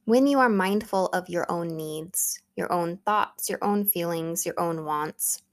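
A woman's voice: lowish voice, measured pace. A woman in her thirties hosting a solo podcast, talking earnestly and conversationally as she coaches her listeners. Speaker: podcast host. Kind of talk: solo podcast talk, motivational.

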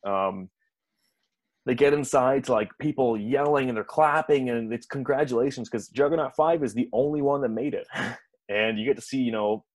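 A man in his usual middle pitch recapping a TV episode for a podcast, chatty and rambling, leaning on fillers and stopping to restart his sentences. He chuckles as he goes. The sound is close and dry, with no room around it. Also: normal speed, no echo. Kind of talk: casual episode recap chat.

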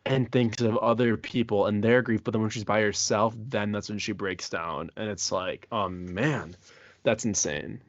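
A man's voice: lowish voice, steady tone, normal speed, no echo, highs cut off. A man co-hosting a podcast, talking through a film in casual chat with earnest, reflective enthusiasm. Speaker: podcast co-host.

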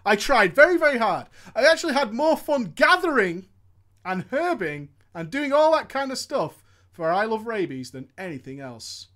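A man's voice: very high-pitched, moderate pace. A man comedically reading a viewer's gaming story aloud, breaking off to laugh, swear and comment. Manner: animated, swears freely, laughs often.

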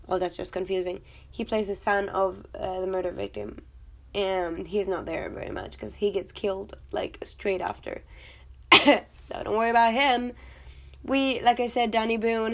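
A woman vlogger talking casually about a film, chatty and blunt, with swearing and rambling asides. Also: mid-range voice. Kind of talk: casual chat.

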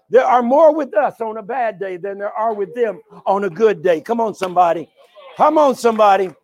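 A man preaching a sermon with call and response. He swings from sudden shouts down to hushed asides. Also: very high voice, dull audio.

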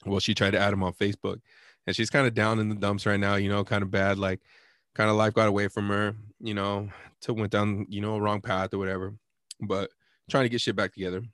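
A man's voice: on the low side, flat delivery, fairly quick, a bit bright, no room sound, studio quality. A young man telling a prank story in casual chat, laid-back and slangy, laughing often and acting out both sides.

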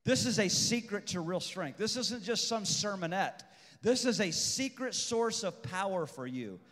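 A man preaches with a high voice, building to shouts and dropping to intense hushed stretches. He hammers phrases by repeating them. His voice rings out with a long reverb in a large church hall. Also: expressive, measured pace. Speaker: pastor. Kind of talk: preached sermon.

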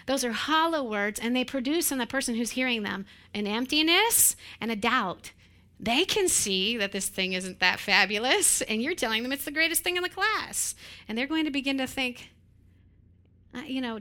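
A woman preaching a sermon, often breaking into quick laughs and acting out the voices of the people she describes. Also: fairly high pitch. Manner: acts out quoted voices with animated, laughing asides.

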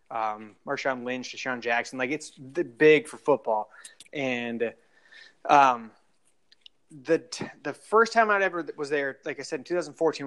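A man's voice: medium pitch, fairly bright tone. A young adult man telling long, rambling stories in a casual podcast chat, full of fillers and restarts. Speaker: guest storyteller.

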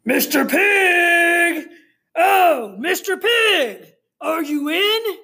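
A woman voicing a sly male wolf in a read-aloud storybook, who calmly explains away his misdeeds. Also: on the high side, takes it slowly, vocal fry, husky, full character voice. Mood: calling sweetly. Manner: innocent, self-justifying storybook wolf. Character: sly male big bad wolf, smooth excuse-maker.

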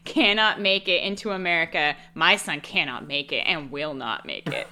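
Woman, bright clear tone, sardonic, casual movie recap, swears. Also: low voice, animated, normal speed. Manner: sardonic, swears, laughs a lot. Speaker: podcast co-host.

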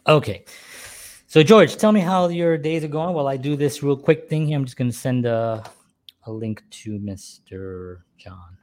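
A man's voice: mid-range voice, moderate pace, a little mellow. A middle-aged man hosting a casual talk show from home, rambling with many fillers and restarts. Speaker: podcast host. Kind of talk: casual chat.

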